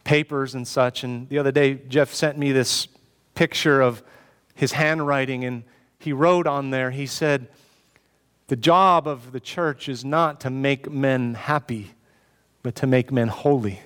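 A man's voice: medium pitch, fairly even intonation, unhurried, a bit bright, clean tone, long reverb tail. A man preaching a sermon as pastor, earnest and pleading, often asking rhetorical questions.

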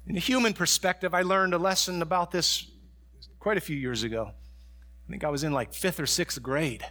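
A middle-aged male pastor preaching a sermon, dropping to soft storytelling and rising to raised, fervent preaching. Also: fairly high pitch, a little fast.

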